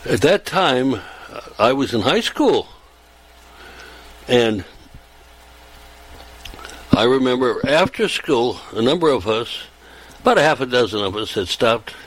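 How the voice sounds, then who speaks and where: An older man in his seventies with a fairly low voice talks on in a loose, rambling monologue. He circles back, repeats words and restarts sentences as he goes, in an unhurried, conversational delivery. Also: sing-song, poor audio. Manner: meandering, repeats and restarts phrases.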